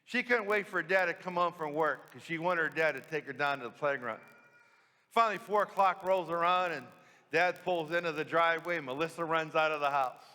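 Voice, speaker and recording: A priest tells a story from the pulpit in a bright, forward voice that sits a little high. He asks the congregation rhetorical questions, and his words ring with a long reverb through the church. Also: fairly quick. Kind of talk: sermon storytelling.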